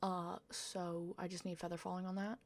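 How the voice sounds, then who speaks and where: A young woman with a low, gravelly voice narrates her gameplay in a casual, meandering way. She talks slowly and a bit self-deprecatingly, tossing in the odd swear word. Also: flat delivery. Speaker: gaming YouTuber.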